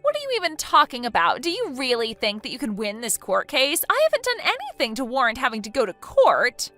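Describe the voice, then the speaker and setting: A woman's voice: high-pitched, huge pitch swings, brisk, pushed and bright, exaggerated voice. A synthetic woman's voice playing an entitled young woman who talks in an indignant, self-pitying way.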